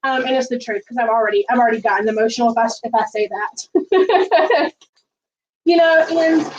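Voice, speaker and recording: A woman whose voice is a little high speaks at normal speed while cooking on a livestream in her home kitchen. She chats folksily with viewers, with frequent ums, and the audio is dull and recorded from a distance.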